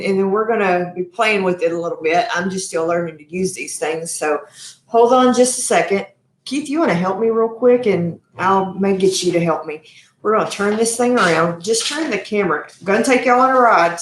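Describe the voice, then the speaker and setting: A woman's voice: mid-range voice, moderate pace, echoey room. A woman hosting a live cooking stream from her home kitchen, chatty and effusive, calling her viewers y'all. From Texas. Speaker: cooking show host.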